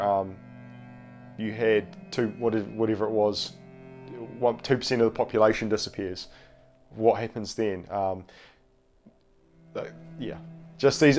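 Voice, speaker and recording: Nasal man with a cold, rambling. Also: on the low side. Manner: rambling, hesitant, many fillers and restarts. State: has a cold. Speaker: film review channel host. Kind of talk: casual video review.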